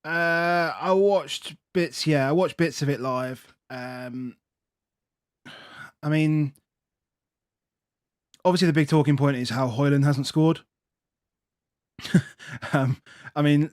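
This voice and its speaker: A man's voice: mid-range voice, dry recording, studio quality. A man co-hosting a casual football podcast, rattling off lists of fixtures and leaning on fillers as he talks. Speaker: podcast co-host.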